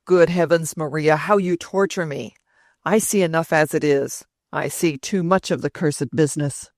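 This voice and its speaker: Elderly grandfather, irritable and protesting, low and forceful; read by a woman narrator. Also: normal speed, dry recording, studio quality. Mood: agitated. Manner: agitated, protesting.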